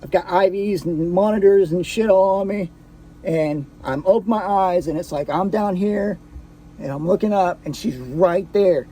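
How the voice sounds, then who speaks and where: Speaking at a normal speed over slight background noise, a man with a high, mellow voice tells a personal story. His delivery is casual and profane, and he keeps restarting sentences and padding them with "uh" and "like."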